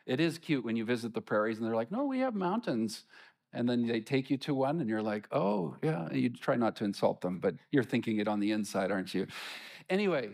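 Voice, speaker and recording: A man preaching a sermon, reading scripture and explaining it to his congregation in an animated way. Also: mid-range voice, fast talker. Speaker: pastor.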